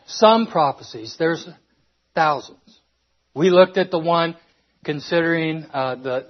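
A man preaching a sermon, earnest, stopping and restarting as he reads scripture, a little out of breath. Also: fairly high pitch. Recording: dull lo-fi recording.

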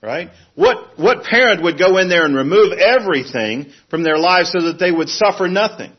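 A middle-aged man preaching a sermon in a plain, earnest way, now and then acting out a fussing parent in a sudden high voice. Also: animated, normal speed, husky, muffled recording.

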